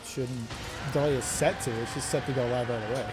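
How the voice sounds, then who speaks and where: A man streaming a game live, excitable and swearing at the monster, laughing often. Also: medium pitch, fairly quick, music in the background. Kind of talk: live gameplay commentary.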